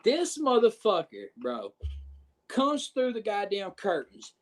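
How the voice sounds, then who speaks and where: A man telling a backstage wrestling story on a podcast, animated and profane, acting out what others said. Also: high voice, slow pace. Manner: profane, animated retelling with quoted voices. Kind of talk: casual storytelling.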